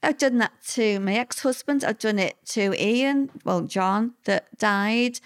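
A middle-aged woman, recounting hard personal memories in an interview, halting and full of fillers and restarts. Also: a little high. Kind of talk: personal testimony in conversation.

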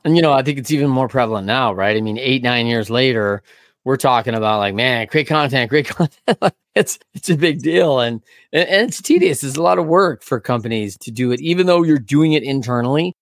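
A man's voice: medium pitch, animated, fairly quick, dry recording. A man with a mid-range voice hosting a talk show, recorded dry and close. He chats in a loose, friendly way, ribbing his guest with light teasing questions. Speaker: podcast host. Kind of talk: casual interview talk.

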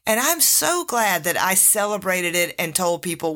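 Middle-aged female life coach, bright voice, animated and candid solo podcast delivery. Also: medium pitch, measured pace, hardly any pauses. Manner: animated, candid, laughs often.

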